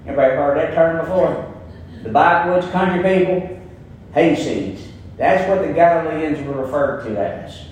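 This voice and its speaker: A man's voice: fairly high pitch, moderate pace, darkish tone, a little hiss or hum. A man with a Kentucky twang preaching a sermon as pastor, folksy and emphatic, telling stories to make his points. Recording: echoey room, voice picked up from a distance.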